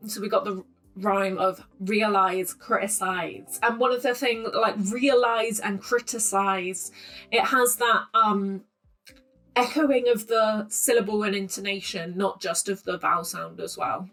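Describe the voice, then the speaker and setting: A woman's voice: mid-range voice, measured pace, fairly bright tone, faint music behind, rough recording. A woman giving casual, opinionated close-reading commentary as the host of a poetry analysis channel, talking to her camera at home with plenty of ums. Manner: chatty and opinionated, with frequent ums.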